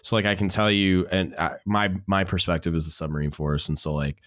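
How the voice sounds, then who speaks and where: A man's voice: deep voice, a little fast, dry recording, studio quality. A man hosting a podcast, talking casually in a rambling way, with plenty of "like" fillers and restarts. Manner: relaxed, rambling, lots of "like" and restarts. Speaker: podcast host. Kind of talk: casual conversation.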